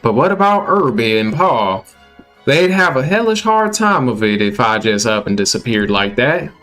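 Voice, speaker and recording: A man voicing a weary, dutiful young country man in a put-on Southern US drawl, soft and polite. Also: mid-range voice, big pitch swings, moderate pace, faint music behind.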